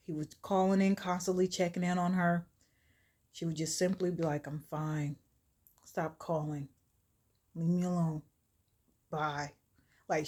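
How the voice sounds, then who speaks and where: A woman telling a horror short story in a chatty, animated, casual way. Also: on the low side.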